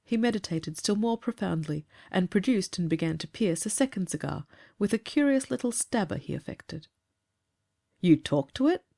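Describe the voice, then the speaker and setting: A woman narrating a classic story in a composed, even reading. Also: medium pitch, moderate pace, creaky.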